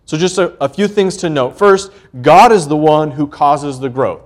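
A man's voice: on the high side, moderate pace. A man preaching a sermon earnestly, building emphasis on key points and reading scripture aloud in old-fashioned wording. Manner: reads scripture aloud in King James wording.

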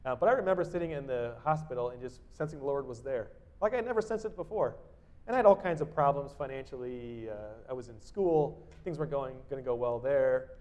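A man giving a devotional sermon. He reads Bible verses with force and then explains them in a quiet, conversational way, often adding tag questions and restarting his sentences. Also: mid-range voice, fast. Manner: reads verses loudly, then drops to quiet personal asides. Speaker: preacher. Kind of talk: devotional sermon with scripture reading.

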